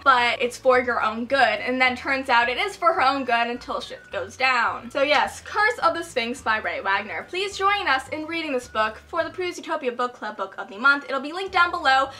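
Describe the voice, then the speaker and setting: A woman's voice: sits high, sharp tone. A young woman talking casually in a vlog, gushing about books with bubbly asides. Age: young adult. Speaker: book vlogger. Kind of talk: casual book haul vlog.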